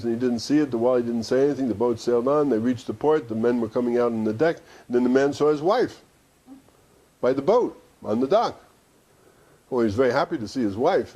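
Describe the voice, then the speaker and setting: A man's voice: medium pitch, warm tone. A man teaching and telling a story in a conversational way, with asides and restarts. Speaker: Sufi teacher. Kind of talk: storytelling discourse. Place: study center.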